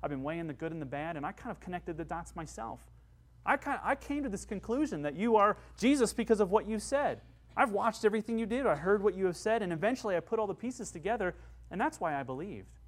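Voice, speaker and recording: A man putting on the voice of Peter, an earnest adult disciple reasoning out loud in a sermon retelling. He speaks quickly and somewhat softly, at a slightly raised pitch. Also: big pitch swings.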